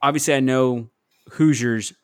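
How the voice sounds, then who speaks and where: A man co-hosting a podcast, relaxed and joking, quoting favorite movie lines. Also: mid-range voice, unhurried, no room sound. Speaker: podcast co-host. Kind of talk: casual chat.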